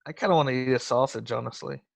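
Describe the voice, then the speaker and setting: A man playing a tabletop role-playing game, speaking quietly and hesitantly. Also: mid-range voice, quick pace, vocal fry, no echo. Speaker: player.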